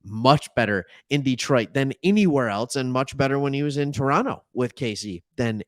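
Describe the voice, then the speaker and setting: A man's voice: medium pitch, moderate pace, dry recording, studio quality. Chatty male sports talk host. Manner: rambling, self-correcting, animated asides.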